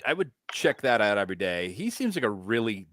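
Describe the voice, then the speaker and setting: A man's voice: lowish voice, very animated, brisk, fairly bright tone, no echo, clean studio sound. A man co-hosting a sports podcast, talking casually with a joking, rambling manner while sipping whiskey. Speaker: podcast co-host.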